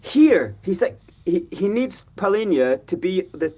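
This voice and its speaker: A man talks through a football match in a heated fan chat. His voice sits high and sounds a little husky. He gets worked up and mimics what the players say. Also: a little slow. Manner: animated, frustrated, acts out players' voices. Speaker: fan show host. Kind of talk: passionate football reaction chat.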